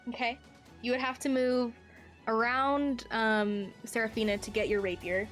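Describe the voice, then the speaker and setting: A woman's voice: on the high side, steady tone, moderate pace, fairly bright tone, soft background music. A woman narrating as game master of a tabletop game, hesitant and full of fillers.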